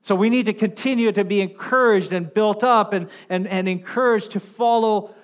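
A male pastor delivers a sermon in a church on a wireless mic. His voice sits high, and his delivery swings between fervent loud passages and soft, hushed ones. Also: normal speed. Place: church sanctuary. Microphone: wireless handheld mic.

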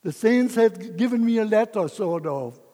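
A man's voice: high voice, expressive, moderate pace, dark tone, in a large hall. An older man giving an emotional personal testimony as a missionary speaker, chuckling between lines.

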